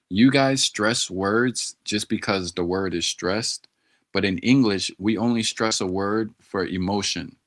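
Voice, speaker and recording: A man with a lowish voice talks unhurriedly on a casual live stream. He thinks out loud, repeating and sounding out words as he works through them, and addresses his viewers directly. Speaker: streamer studying Arabic.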